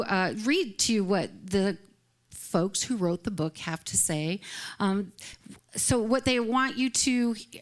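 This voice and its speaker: A woman minister speaks to her congregation in a bright, higher voice. She keeps it chatty and light, laughing between her phrases as she talks. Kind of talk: casual sermon. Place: live service at a spiritual center.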